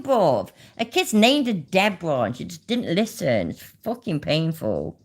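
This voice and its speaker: A woman's voice: fairly low pitch, very animated, moderate pace. Sweary woman reacting to chat. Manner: swears a lot, laughs, talks to the chat. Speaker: commentary streamer. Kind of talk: casual reaction commentary.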